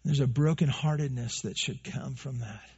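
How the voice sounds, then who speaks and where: A man's voice: medium pitch, moderate pace, a little mellow, breathy edge, muffled recording. A man preaching a sermon as pastor, earnest, repeating his phrases and acting out what his listeners say.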